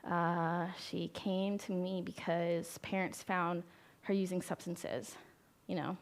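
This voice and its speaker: A woman's voice: fairly low pitch, fairly even intonation, slow. A young woman, a therapist, giving a conversational talk to parents. She asks the audience questions and acts out the voices she quotes. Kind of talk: talk at a conference.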